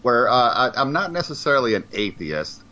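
Lively, bright-voiced man chatting on a podcast. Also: medium pitch, normal speed. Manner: rambling, swears, repeats words. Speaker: podcast co-host. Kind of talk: casual podcast chat. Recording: dull lo-fi sound.

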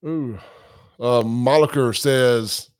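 A man's voice: mid-range voice, slow, clean tone, dry recording, clean studio sound. Man talking casually on a livestream. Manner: casual, conversational, reads comments and quotes aloud. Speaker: podcast host. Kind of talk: livestream commentary.

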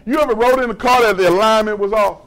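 A man's voice: high voice, fast talker, a bit bright. A male pastor preaching a sermon in a conversational, folksy way, mixing humor with call-and-response to the congregation.

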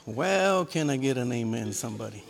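A man preaching a lively sermon to his church, calling for amens and joking with the congregation. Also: mid-range voice, normal speed, vocal fry. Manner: lively preacher with call-and-response and humor. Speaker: pastor. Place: church sanctuary. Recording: long reverb of a church hall.

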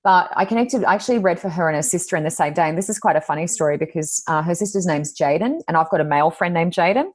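An Australian woman, a psychic medium and podcast co-host, chatting casually and telling animated stories with high-pitched exclamations. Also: fast, hardly any pauses. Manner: animated storyteller, acts out quotes with high exclamations. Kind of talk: casual chat.

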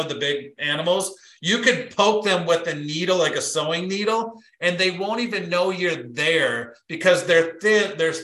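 A middle-aged man with a fairly high voice is a guest speaker delivering a motivational business talk, animatedly telling stories and acting out the quotes within them. The recording is low quality and reverberant.

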